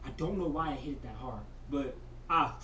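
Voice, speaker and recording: A vlogger telling a story in slangy casual chat, saying "bro" a lot, moving between mumbled asides and loud excited bursts. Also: mid-range voice, moderate pace, far from the mic. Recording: echoey room, voice from off the mic, faint hiss.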